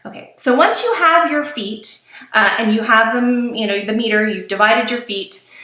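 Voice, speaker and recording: A woman's voice: a little high, expressive, normal speed, pushed and bright, reverberant. A woman teaching a recorded lesson, chatty and informal, with fillers, restarts and self-deprecating asides. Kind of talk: recorded lecture on poetry.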